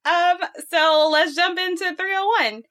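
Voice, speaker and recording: A woman's voice: extremely high pitch, measured pace, a bit bright. A woman co-hosting a podcast in a chatty, casual way, laughing easily. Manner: chatty, laughs often, some fillers. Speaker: podcast co-host. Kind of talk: casual chat.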